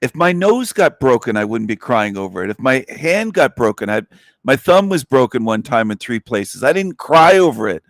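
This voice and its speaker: A man's voice: medium pitch, big pitch swings, normal speed, no room sound, studio quality. A man hosting a livestream in a blunt, profane angry rant, with scornful laughs scattered through it. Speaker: livestream host.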